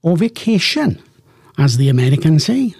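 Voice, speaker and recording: A man's voice: fairly high pitch, sing-song, normal speed, vocal fry, darkish tone, husky, dry recording. A man presenting a live radio show in a studio, chatting jovially with rambling, self-mocking asides. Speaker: radio host. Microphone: studio microphone.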